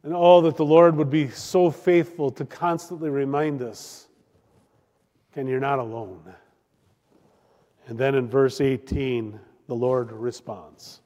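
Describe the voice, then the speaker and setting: Guy preaching a sermon real slow, a bit high, big hall echo, gets loud then goes quiet. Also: steady tone. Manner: dramatic, swings between loud declaiming and hushed emphasis. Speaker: pastor.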